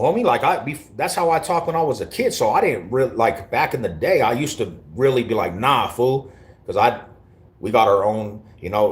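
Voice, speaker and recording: Low-voiced East Denver man streaming live. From Denver, Colorado. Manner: slangy, profane, laid-back banter. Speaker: livestreamer reading chat. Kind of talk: casual live-stream chat.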